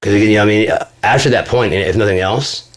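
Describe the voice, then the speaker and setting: A man's voice: fairly low pitch, a little fast. A man telling a blunt, profane story in a casual vlog monologue, boasting as he goes. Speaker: vlogger.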